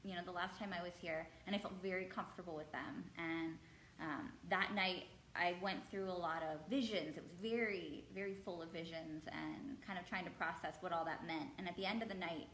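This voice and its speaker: A woman with a low voice shares a personal story, earnest and hesitant and pausing on ums. Her voice echoes in the room over faint noise. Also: steady tone, fairly bright tone. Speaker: guest sharing her experience. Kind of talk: personal testimony in an interview.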